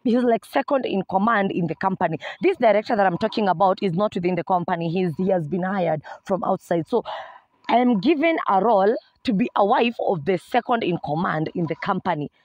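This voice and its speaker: A young woman with a Kenyan accent telling a humorous personal story to her viewers in an animated way. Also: medium pitch, brisk, no room sound, muffled recording. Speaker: vlogger. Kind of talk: storytime vlog.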